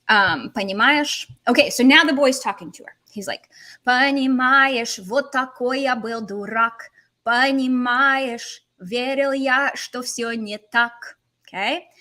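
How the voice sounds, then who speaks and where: A woman teaching a language lesson on a livestream, animated, switching between languages as she explains. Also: medium pitch. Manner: animated, switches between English, Russian and Portuguese.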